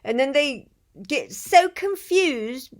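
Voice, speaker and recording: A woman's voice: sits high, animated, slow, pitched above the performer's own voice. A woman voicing a male knife sharpener with a British accent who tells dry, sarcastic jokes. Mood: wry.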